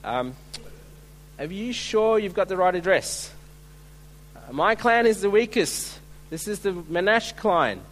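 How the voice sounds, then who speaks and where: A preacher voicing a doubting, anxious young biblical farmer who questions and pleads in disbelief, inside a sermon. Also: male voice, sits high, animated, unhurried, long pauses, big-room sound. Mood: doubtful. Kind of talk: sermon role-play.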